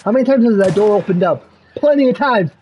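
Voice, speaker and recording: A man with a high, animated voice streams a video game live. He curses and shouts at the screen, begging the characters to move and open doors. His frustration carries through his commentary. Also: quick pace, lo-fi sound, a little hiss or hum. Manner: profane, yells and pleads at the game. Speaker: gamer streamer.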